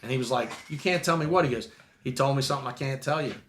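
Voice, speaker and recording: A man's voice: medium pitch, fast talker, a bit bright, roomy sound, a little hiss or hum. A man telling a long story as a guest, rambling with restarts and casual swearing.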